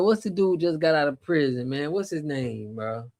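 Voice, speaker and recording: A man hosting a casual livestream chat on a video call, relaxed and full of slang. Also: a little high, normal speed. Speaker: host.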